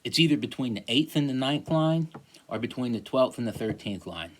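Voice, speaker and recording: A man lecturing a class, halting, with many fillers and restarts. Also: mid-range voice, expressive. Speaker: teacher.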